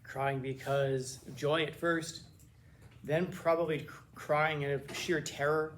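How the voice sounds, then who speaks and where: A male teacher delivers a casual classroom lecture in a fairly high, slow voice, with slight background noise. He's animated, acting out quotes and restarting his sentences often.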